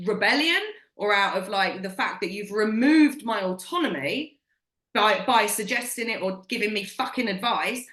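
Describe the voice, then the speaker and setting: Podcast co-host: British woman, forties, emphatic and blunt, bright tone, roomy sound. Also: medium pitch. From Britain. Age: 40s. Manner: blunt, emphatic, swears freely. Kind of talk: casual chat.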